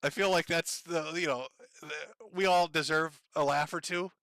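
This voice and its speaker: A man reading out donation messages on a casual livestream, sardonic and profane, with a deadpan delivery. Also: fairly high pitch, normal speed, no room sound, studio quality.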